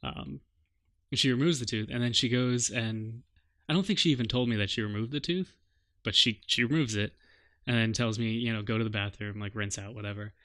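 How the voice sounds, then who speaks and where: A young man co-hosting a casual podcast chat, swearing freely and getting animated as he tells stories. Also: medium pitch, moderate pace, no echo, clean studio sound. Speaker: podcast co-host.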